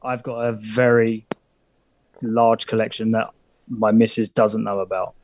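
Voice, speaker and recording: A man's voice: fairly low pitch, level tone, a little slow. A man, a podcast guest full of self-mocking jokes. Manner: jokey, self-mocking banter. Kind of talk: casual podcast chat.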